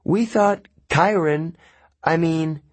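A man voicing a quick-witted, bossy teenage girl who gives brisk orders. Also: a little high, dry recording, pitched above the performer's own voice. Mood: flustered. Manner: brisk, commanding, easily flustered.

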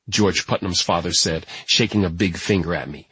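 A man narrating a first-person audiobook in a dry, wry, even delivery. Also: sits low, moderate pace, breathy edge, dry recording.

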